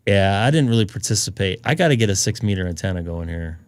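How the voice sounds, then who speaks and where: A man's voice: low voice, lively intonation, fast, no room sound. A man hosting a ham radio live stream, chatting in a rambling, jokey way and laughing often. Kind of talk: casual chat on a live stream.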